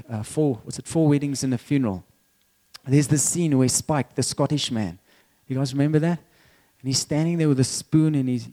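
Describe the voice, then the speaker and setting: A man's voice: medium pitch, warm tone. A middle-aged man preaching a sermon as pastor, talking conversationally, repeating words and chuckling now and then.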